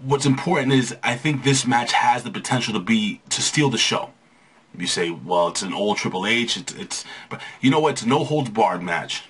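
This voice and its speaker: A man's voice: mid-range voice, animated, normal speed, a bit bright, breathy edge. A young man hosting a casual wrestling recap, rambling with frequent restarts and fillers. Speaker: wrestling show recap host.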